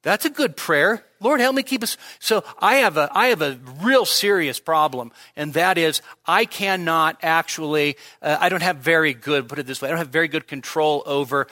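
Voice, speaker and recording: A male pastor delivers a sermon with a bright, forceful tone set a bit high for a man. He is frank and self-mocking and drops joking asides. The sound is close and dry, with no room echo. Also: normal speed, few pauses. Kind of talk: expository sermon. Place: church service.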